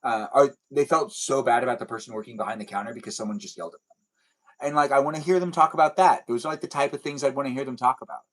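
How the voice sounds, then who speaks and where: A man's voice: mid-range voice, fast, poor audio. A young man hosting a casual livestream, chatting and joking in a rambling, self-deprecating way as he answers viewers. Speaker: livestream host. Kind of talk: casual chat reading viewer comments.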